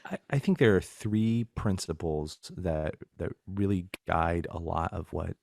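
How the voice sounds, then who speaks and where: A man guest on a podcast, speaking in a slow, measured and deliberate way. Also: low voice, vocal fry, a little mellow, slight background noise. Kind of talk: casual chat.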